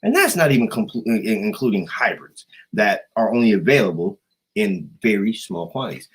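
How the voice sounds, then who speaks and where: An American man rambling profanely on a livestream, jumping between loud outbursts and quiet asides. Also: fairly low pitch, sing-song, fairly quick, breathy edge, low-quality recording. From United States. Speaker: livestream host. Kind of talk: rambling casual livestream chat.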